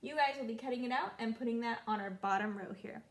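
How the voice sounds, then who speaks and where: A young woman teaching a children's phonics lesson, sounding out letters in a slow, encouraging sing-song way. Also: fairly high pitch. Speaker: kindergarten teacher.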